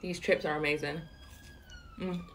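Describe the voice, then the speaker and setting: Woman, faded Welsh accent gone a bit London, lowish, unhurried, chatty eating vlogger on a phone mic. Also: wildly swooping pitch, gravelly, fairly bright tone, a little hiss or hum. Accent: faded Welsh mixed with London. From Wales. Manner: chatty, eating between words, slow and unhurried. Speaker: mukbang vlogger. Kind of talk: casual talk while eating.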